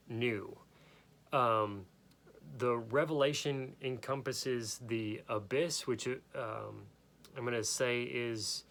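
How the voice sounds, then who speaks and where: Guy with hiccups rambling through a photo talk, average pitch, keeps restarting his sentences. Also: a bit bright. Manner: rambling, with frequent restarts and self-corrections. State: has the hiccups. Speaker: photography podcast host. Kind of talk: casual unscripted talk.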